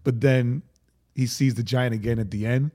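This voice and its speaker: A man co-hosting a podcast in casual chat, an excitable storyteller who fills his talk with "like" and "right?". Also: medium pitch, moderate pace. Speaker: podcast co-host.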